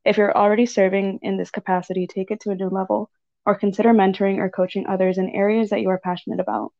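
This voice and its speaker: Calm woman on a dull lo-fi line. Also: medium pitch. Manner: calm and measured, with easy laughs. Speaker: oracle card reader. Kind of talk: reading a card aloud, then casual chat. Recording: dull lo-fi sound.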